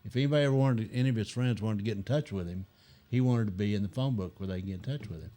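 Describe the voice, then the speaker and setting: An older man telling animated anecdotes as a guest in a casual chat, acting out other people's lines. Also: on the low side, very fast.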